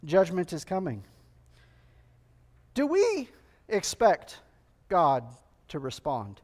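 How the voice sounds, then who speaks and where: An earnest male preacher delivering a sermon with a notably high-pitched voice. He drives his points home by repeating phrases and putting rhetorical questions to the church. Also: huge pitch swings, slow pace, darkish tone.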